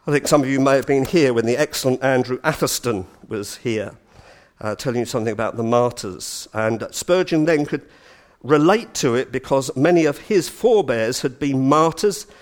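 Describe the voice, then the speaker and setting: A man giving a storytelling lecture, animated and full of chatty asides. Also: medium pitch, normal speed. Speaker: speaker giving a talk.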